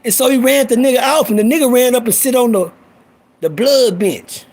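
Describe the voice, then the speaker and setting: A man's voice: very high-pitched, brisk, a little mellow. A man hosting a live stream, telling rowdy, profane stories and acting out the voices of people in them. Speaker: host. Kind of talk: storytelling on a live audio stream.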